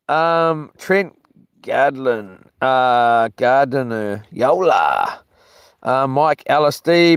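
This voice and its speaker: Slow-talking man vlogger, smooth dry voice, rambling and a bit rough-mouthed. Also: on the high side, no room sound. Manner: meandering, loses his thread, mild cursing. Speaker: solo camping vlogger reading live chat. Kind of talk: casual rambling live chat.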